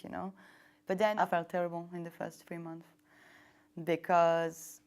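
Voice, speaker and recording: A woman's voice: fairly low pitch, little pitch movement, a little slow, smooth. A young woman telling her story in an interview, with many ums, simple non-native phrasing and light laughs, on a lapel mic indoors. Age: young adult. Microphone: wireless lapel mic.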